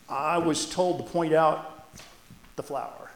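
A man's voice: fairly high pitch, steady tone, slow pace, pauses often. A man who serves as a church elder, reading scripture and then preaching a sermon in a conversational, folksy and earnest way inside a church sanctuary. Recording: echoey church room.

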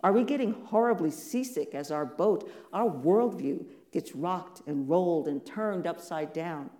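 Preacher, warm and mellow tone, casual sermon delivery with lots of rhetorical questions; roomy, echoing sound. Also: mid-range voice, expressive, a little slow. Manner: conversational, many rhetorical questions, playful asides. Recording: echoey room.

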